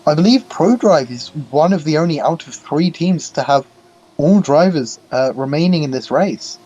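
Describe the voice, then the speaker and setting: A man's voice: on the high side, animated, moderate pace, dark tone, lo-fi sound. A man, co-commentating a sim race in a casual, informative way. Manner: informative, mock-formal when reading promos.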